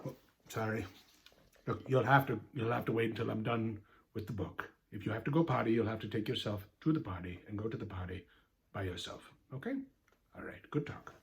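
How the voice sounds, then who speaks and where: A man's voice: on the low side, fairly quick. A man reading a children's story aloud in a comic, mock-earnest way, full of rambling asides.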